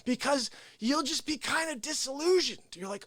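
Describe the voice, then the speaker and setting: Male live-show host, animated storyteller, very expressive pitch, dry close mic, sometimes whispering and sometimes shouting. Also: normal speed, dry recording. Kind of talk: unscripted live-stream monologue. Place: small room with speaker and organ.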